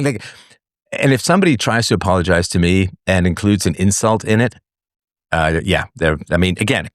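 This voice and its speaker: A man's voice: low voice, expressive, moderate pace, no echo, studio quality. A man hosting a live call-in philosophy show, talking in a reflective, digressive and wry way.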